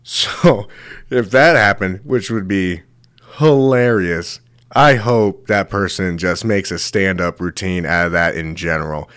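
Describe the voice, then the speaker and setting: Low-voiced young man telling crude stories. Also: measured pace, fairly bright tone, smooth, dry recording, studio quality. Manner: crude, rambling, swears a lot and laughs at his own stories. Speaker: show host. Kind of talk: comedic storytelling monologue.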